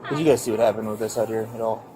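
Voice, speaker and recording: A male police officer questioning people at a scene in a brisk, direct way, recorded on his body camera. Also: lowish voice, fairly even intonation, loud music behind the voice, low-quality recording. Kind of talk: questioning witnesses. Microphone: own body camera.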